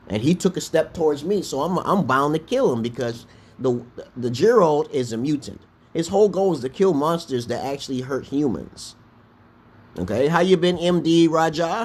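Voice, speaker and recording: A man's voice: medium pitch, darkish tone, slight background noise. A middle-aged man from Brooklyn with a New York accent, chatting casually on a livestream, rambling and profane, often tagging "okay?" on his lines. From Brooklyn, New York, USA. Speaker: livestream host. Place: home livestream.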